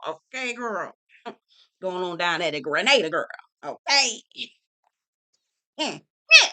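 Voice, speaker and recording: A woman reviewing a reality show in a casual vlog, talking in a sassy, blunt and profane way. Her voice is bright and sharp-edged, and she tosses "girl" into nearly every line. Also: on the low side, very animated, slow, long pauses.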